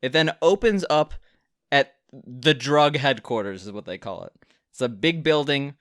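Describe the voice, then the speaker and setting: Young guy podcaster, smooth clear voice, dry close mic, rambly movie recap. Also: medium pitch, lively intonation, normal speed, a bit bright, dry recording. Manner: chatty, repeats words when starting sentences. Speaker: podcast co-host.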